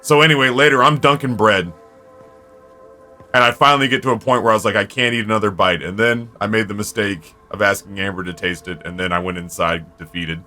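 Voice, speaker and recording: A man streaming a game from home, telling stories to his viewers in an animated, foul-mouthed, casual way. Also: on the low side, a little fast, soft background music. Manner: animated storyteller, swears freely. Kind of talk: casual chat with viewers while gaming.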